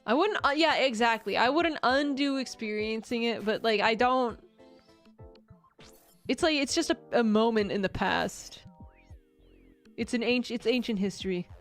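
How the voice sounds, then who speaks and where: A woman's voice: fairly high pitch, moderate pace, long pauses, soft background music. A woman streamer chatting casually with her viewers, rambling and self-mocking and often breaking into laughter.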